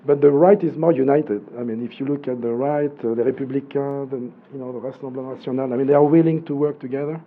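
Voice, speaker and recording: A man with a French accent, a professor on a panel, talking haltingly and searching for English words. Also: mid-range voice, steady tone, phone-quality sound. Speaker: guest professor. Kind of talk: panel discussion.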